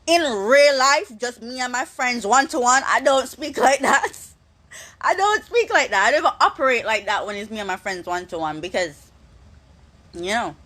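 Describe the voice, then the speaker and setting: A young woman in her twenties, a social media personality, talking candidly in a rambling way with halting restarts. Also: on the high side, lively intonation, a bit bright. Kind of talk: candid monologue.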